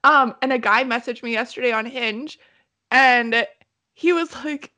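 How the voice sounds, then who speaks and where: Higher-voiced young woman on a podcast, chatty and animated, laughs a lot. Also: normal speed. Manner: animated storyteller, laughs often, swears. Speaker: podcast co-host. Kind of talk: casual chat.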